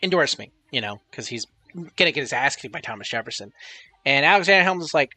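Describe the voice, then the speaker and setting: A man's voice: medium pitch, lively intonation, fast, bright, forceful tone. A man streaming live, chatting casually and rambling with lots of swearing while reading chat messages aloud.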